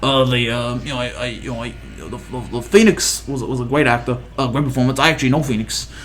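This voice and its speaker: Man putting on a gruff middle-aged sports radio host, lower and quieter than his usual voice, mumbling, halting, full of fillers. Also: steady tone, soft background music, natural voice.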